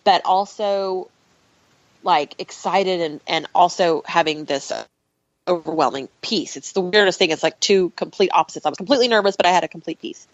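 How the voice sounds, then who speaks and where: A woman guest on a podcast, retelling a personal story in an animated, emotional way and laughing often. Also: lowish voice, a little fast, no echo, lo-fi sound.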